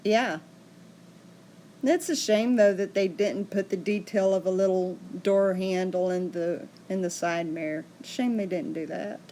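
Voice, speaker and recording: A woman's voice: mid-range voice, unhurried, warm tone, slight background noise. Chatty woman livestreamer greeting viewers. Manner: chatty, reads and answers viewer comments. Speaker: livestream host. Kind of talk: casual livestream chat with viewers.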